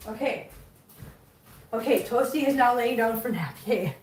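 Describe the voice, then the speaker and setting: A woman's voice: fairly high pitch, measured pace, long pauses, a little mellow, distant mic. A woman from the US, chatting casually to her live stream viewers and laughing often. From Southern US. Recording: roomy sound from off mic.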